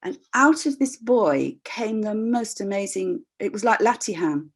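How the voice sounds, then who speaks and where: An older woman tells a personal story over a video call, speaking with an expressive, candid and reflective manner. She acts out the voices of people in her anecdotes, and she often pauses to restart her sentences as she thinks aloud. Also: mid-range voice. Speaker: voice practitioner and workshop leader.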